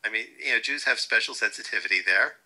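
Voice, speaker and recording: An older man being interviewed, telling wry, lively stories and quoting people along the way. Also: medium pitch, fast, poor audio. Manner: wry, animated anecdotes with quoted voices. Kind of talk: storytelling interview.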